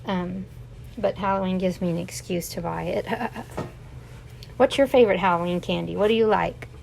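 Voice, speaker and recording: A woman's voice: medium pitch, gravelly, a little hiss or hum. A woman teaching a casual live crafting tutorial, chatting and rambling with asides to her viewers. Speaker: crafting instructor.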